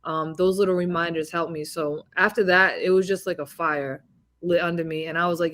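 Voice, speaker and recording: A woman in her thirties, a boxing champion being interviewed, telling animated stories with laughs and swearing. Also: low voice, a little fast. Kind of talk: casual interview chat.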